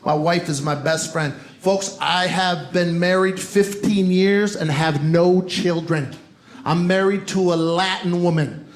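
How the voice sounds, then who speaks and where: A man's voice: high voice, steady tone, measured pace. A man in his forties performing a stand-up set in a comedy club, with punchy banter and riffs aimed at the crowd. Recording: roomy live club with loud crowd noise.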